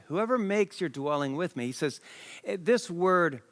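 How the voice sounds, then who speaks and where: A man preaching on a church stage, his voice sitting a little high. He moves between reading scripture and telling an animated story, acting out the dialogue. He grew up partly in Liberia. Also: normal speed, no echo. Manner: lively, reads scripture then tells a story with quoted dialogue. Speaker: pastor. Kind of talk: sermon with storytelling.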